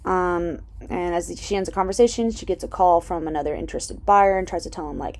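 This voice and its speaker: Speaking on the low side and fairly quickly, a woman with a slightly mellow voice gives a laid-back recap of a TV episode. She fills it with "um" and "like" and doesn't hold back on swearing.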